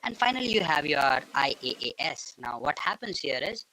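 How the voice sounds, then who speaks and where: A man's voice: on the high side, big pitch swings, normal speed, bright, forceful tone, poor audio. A man teaching a tech lesson in a patient, explanatory way, often repeating stock phrases as he walks through each idea. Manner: patient, repeats filler phrases like "go ahead" and "and all those things". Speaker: instructor.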